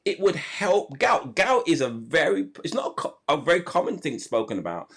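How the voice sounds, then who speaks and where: A man's voice: fairly high pitch, very animated, moderate pace, a bit bright. A man hosting a live health podcast over a video call, talking enthusiastically and often restarting his sentences. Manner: enthusiastic, many restarts and fillers. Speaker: podcast host.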